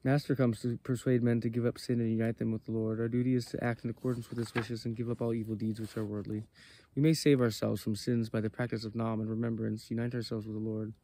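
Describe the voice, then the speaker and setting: Mellow-voiced man giving a devotional reading. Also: medium pitch, little pitch movement, fast. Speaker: reader of scripture at a satsang.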